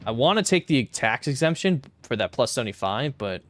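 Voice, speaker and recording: A man's voice: mid-range voice, big pitch swings, a little fast. A young man streaming a strategy game, casually thinking aloud through his moves and muttering calculations, now and then flaring into exasperated rants. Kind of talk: casual gameplay commentary.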